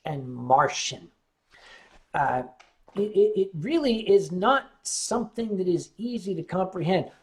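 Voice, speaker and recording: An American livestream host with a high-pitched, darkish voice tells rambling stories during a casual stream, often stammering and restarting his sentences.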